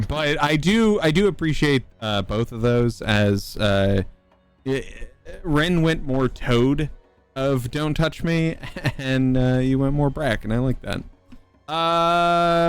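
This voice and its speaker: A man running a tabletop game as game master, narrating in a halting way with many fillers. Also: medium pitch, clear, resonant tone, no room sound. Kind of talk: casual chat and game narration.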